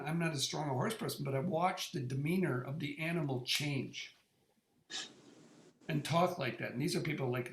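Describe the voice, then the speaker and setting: A man's voice: mid-range voice, creaky. A middle-aged man talking casually about his own experience, often repeating words and restarting sentences. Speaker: presenter sharing his experience. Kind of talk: casual conversational talk. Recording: echoey room.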